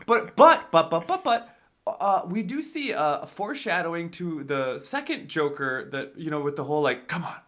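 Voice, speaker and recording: A man co-hosts a casual movie podcast, his voice bright and forceful. He gushes with excitable enthusiasm, then drops to mumbled asides. He sounds like a man in his thirties. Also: fairly high pitch, normal speed. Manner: excitable, gushing, jumps between loud enthusiasm and mumbling. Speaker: podcast co-host.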